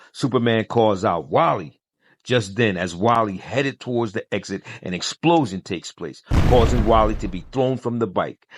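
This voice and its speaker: Low-voiced man narrating a comic story. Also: no echo, clean studio sound. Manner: reads every character's lines with little change of voice, narrating between quotes. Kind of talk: comic story narration, reading all parts.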